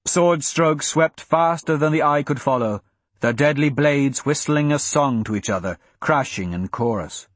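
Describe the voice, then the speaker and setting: A man narrating a fantasy audiobook in a steady, measured storytelling manner, recorded on a close mic. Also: on the high side, no echo.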